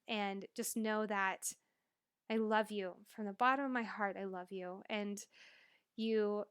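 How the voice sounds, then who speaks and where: A young adult woman hosting a solo podcast as a life coach, talking in an earnest, emotional, motivational way. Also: mid-range voice.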